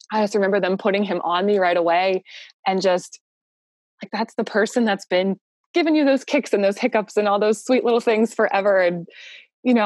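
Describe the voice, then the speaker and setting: A woman's voice: mid-range voice, no echo, studio quality. A young woman telling her own birth story in a casual, heartfelt way, laughing often and using lots of fillers.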